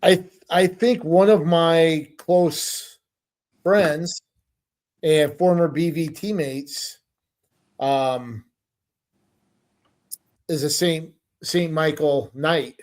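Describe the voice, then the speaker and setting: A man's voice: on the high side, drawn-out words, long pauses, darkish tone. A middle-aged man co-hosting a podcast, telling stories in a rambling, hesitant casual chat. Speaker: podcast co-host.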